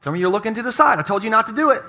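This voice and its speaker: In a church, a middle-aged man pastors his congregation through a humorous sermon, joking and chatting with them. He talks very fast in a high, bright, forceful voice with lively intonation.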